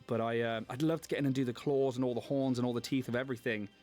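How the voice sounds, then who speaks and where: A man's voice: medium pitch, fairly even intonation, very fast, a little mellow, faint music behind. A man hosting a casual livestream while painting miniatures, chatty and self-mocking, laughing often. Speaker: host.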